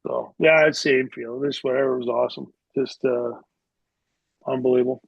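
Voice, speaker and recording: A man's voice: medium pitch, fairly even intonation, normal speed, gravelly, husky, no echo. A middle-aged man, a former hockey player, telling loose anecdotes as a podcast guest and padding them with filler words. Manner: rambling, with many filler words. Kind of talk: casual storytelling. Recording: dull, dry lo-fi sound.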